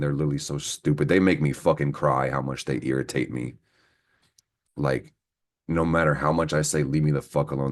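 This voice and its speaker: A man giving a casual, profanity-laced astrology reading, rambling and venting heatedly as he talks to his viewers. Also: extremely low pitch. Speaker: astrology reader. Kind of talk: casual horoscope reading to camera.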